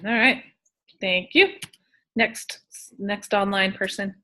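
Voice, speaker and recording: A woman instructor calling on students in turn, brisk and dryly joking. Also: mid-range voice, bright, forceful tone. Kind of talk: leading class introductions.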